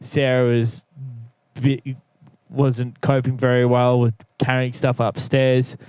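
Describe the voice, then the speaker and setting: Young man, podcast co-host, rambling storyteller, smooth clear voice, dry close sound. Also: medium pitch, monotone, slow pace, a little mellow, dry recording. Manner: rambling storyteller, swears freely, acts out quotes. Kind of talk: casual chat.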